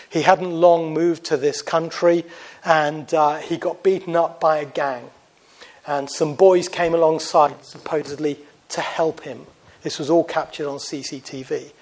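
Male preacher, earnest and conversational, slightly high voice, shifts volume for emphasis. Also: darkish tone, poor audio. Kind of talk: sermon.

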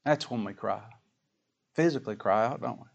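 A man preaching a sermon, folksy and plain-spoken, full of rhetorical questions, reading scripture slowly and with weight. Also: fairly low pitch, creaky, slightly rough. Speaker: pastor.

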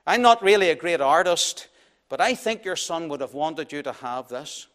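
A man's voice: on the high side, expressive, fairly bright tone, in a large hall. A man voicing a humble, grateful young male soldier who stammers a little. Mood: earnest. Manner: halting, stammering.

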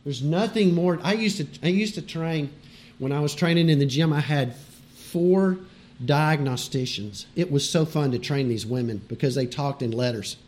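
A preacher with a high male voice. He talks to his congregation like friends, leans hard on his key words, and chuckles now and then between his points. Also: normal speed, a little mellow. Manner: conversational, emphatic, laughs between points. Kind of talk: sermon.

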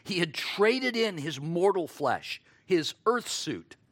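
Slow, lively-voiced male preacher. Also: sits high, no echo. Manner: expressive, acts out quoted lines; rhetorical questions to the listeners. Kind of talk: sermon.

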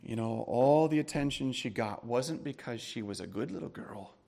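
A man preaching a sermon as a pastor, telling a personal story with strong emotion, dropping to hushed tones and rising to loud outbursts. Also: medium pitch, lively intonation, normal speed, vocal fry.

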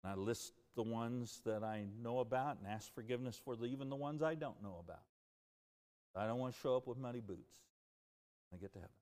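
A man preaching a sermon as pastor, earnest and animated, rising and dropping as he speaks. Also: mid-range voice, a little fast, big-room sound. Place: church sanctuary.

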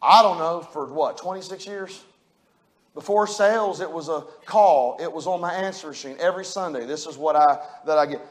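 A middle-aged pastor preaching with a high, ringing voice. He talks in a folksy, plain-spoken way and swings between quiet, close passages and loud, fervent peaks. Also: moderate pace. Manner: preaches with rising fervor, folksy and emphatic. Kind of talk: sermon.

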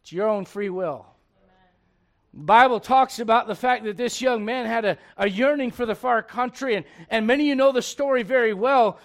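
This middle-aged pastor's very high voice runs at a normal speed through a funny, conversational sermon that swings from hushed lines to loud bursts.

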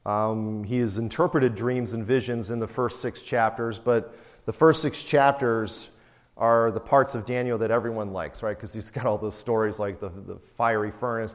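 A man's voice: fairly low pitch, in a large hall. A man teaching a Bible study lecture in a conversational way, often putting rhetorical questions to his listeners.

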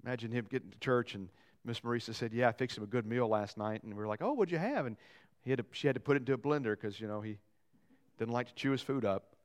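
A man preaching a sermon as pastor, lively and joking, acting out quotes and asides. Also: medium pitch, fast talker. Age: young adult or middle-aged, father of young boys.

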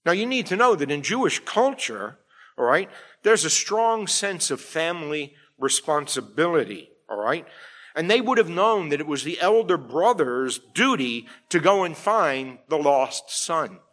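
A man's voice: a little high, very animated, unhurried, fairly bright tone. A middle-aged man preaching a sermon, emphatic, often checking in with his listeners with "all right?". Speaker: pastor.

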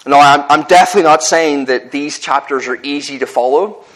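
A man's voice: on the high side, a little fast, low-quality recording. A man with a Northern Irish accent preaching a sermon in an earnest, conversational way, often restarting his phrases and telling personal stories.

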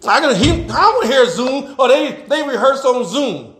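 A man preaching a sermon as pastor. He swings from loud to hushed and laughs as he preaches. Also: very high-pitched, animated, normal speed, echoey room. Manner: laughs while preaching, acts out quoted voices.

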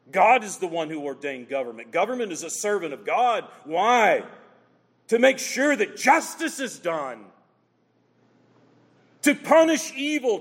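A man's voice: sits high, fairly bright tone, husky, long reverb tail. A man preaching a sermon as pastor, emphatic and quoting scripture dramatically.

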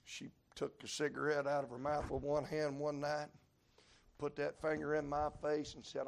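A male preacher delivering a revival sermon, storytelling in a folksy way and breaking into sudden shouts. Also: a little high, monotone, moderate pace, vocal fry. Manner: preaching with sudden shouted peaks and Southern folk sayings.

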